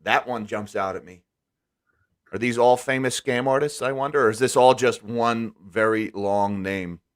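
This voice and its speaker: A man hosting a casual live stream, talking candidly and with emphasis, often restarting his words. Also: fairly low pitch. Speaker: host.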